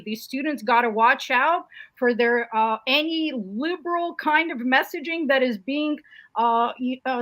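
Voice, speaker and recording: Woman co-host, bright and sharp tone, dry close sound, halting delivery. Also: a little high, dry recording. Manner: hesitant, with many "uh" fillers and restarts. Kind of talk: livestream political commentary.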